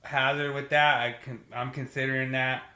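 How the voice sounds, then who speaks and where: A man's voice: mid-range voice, little pitch movement, normal speed, bright, forceful tone, echoey room. A male podcast host in casual chat, enthusiastic and full of "dude" and "you know" as he reads out listener comments.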